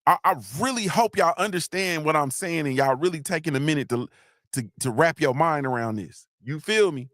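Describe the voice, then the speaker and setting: A middle-aged man with lively intonation hosts a live motivational talk, speaking fairly quickly in a dry, clean studio recording. He repeats himself, preaches, and shouts out viewers, and when emotion hits, his voice goes low.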